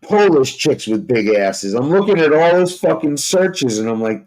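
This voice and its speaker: A man's voice: mid-range voice, animated, normal speed, few pauses, a little mellow, rough recording. A man telling a rambling, profane story in casual chat, full of fillers like "you know" and "like".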